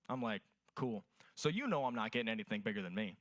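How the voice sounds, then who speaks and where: A man's voice: on the low side, sing-song, brisk, fairly bright tone, dry recording. A young man performing a crude stand-up set at an open mic, telling profane stories. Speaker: stand-up comedian.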